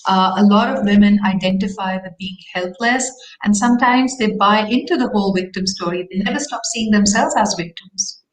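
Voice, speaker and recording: A woman's voice: medium pitch, moderate pace, hardly any pauses. Encouraging woman moderating, roomy sound. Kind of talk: live panel discussion. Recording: roomy echo.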